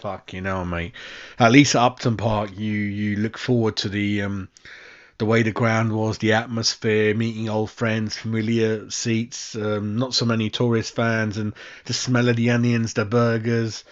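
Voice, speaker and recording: A man's voice: fairly low pitch, level tone, a little slow, highs cut off. A young man with a London accent hosts a live fan stream, swearing and ranting in exasperation, calling his listeners "mate.". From West London. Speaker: fan channel host. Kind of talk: casual live-stream rant.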